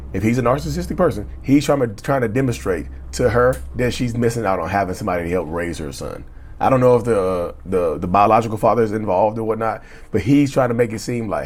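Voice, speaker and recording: This man, who comments on narcissistic abuse on YouTube, has a lowish, somewhat dark voice. He reads emails from viewers and addresses them directly in a loose, chatty style, often tripping over and repeating words along the way.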